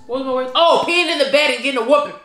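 A woman's voice: high voice, very fast, fairly bright tone. A young woman chatting casually on a vlog, playful and teasing as she hypes up her friend. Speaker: vlogger. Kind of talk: casual chat. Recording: echoey room with music behind.

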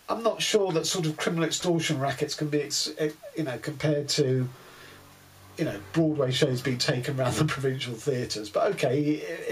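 A man's voice: fairly high pitch, a little hiss or hum, low-quality recording. A man giving a casual book review, wry and exasperated, with many fillers.

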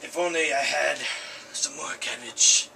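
A man playing a melodramatic, self-pitying Russian villain who is dying, in a put-on Russian accent, with overwrought, drawn-out lamenting in an amateur comedy spoof. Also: on the high side, gravelly. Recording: distant mic, faint hiss.

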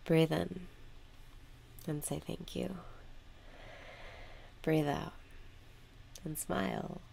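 A woman guiding a meditation with calm, unhurried spoken instructions. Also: low voice, gravelly, a little hiss or hum. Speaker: meditation guide. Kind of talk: guided meditation.

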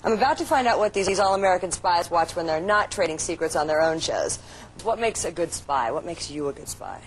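Upbeat female talk show host. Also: lively intonation. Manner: upbeat, quick questions, frequent laughs. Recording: noisy low-quality TV recording.

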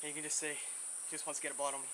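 Talking very fast in a slightly high, flat voice, an Australian presenter works with a venomous snake in the bush. He moves from calming murmurs to eager explanations, sweating and a little breathless. The field recording is thick with loud insect and cricket noise.

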